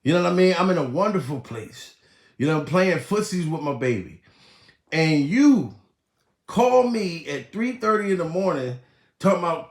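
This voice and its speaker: A man hosting a live comedy stream, riffing on the news in a rambling, profane, animated way. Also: a little high, moderate pace, roomy sound. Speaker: comedian host.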